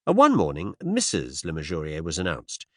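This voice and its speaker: A man's voice: sits low, wildly swooping pitch, moderate pace, a little mellow, dry recording. A man narrating a classic mystery story as a studio audiobook, told in the first person. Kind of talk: scripted narration.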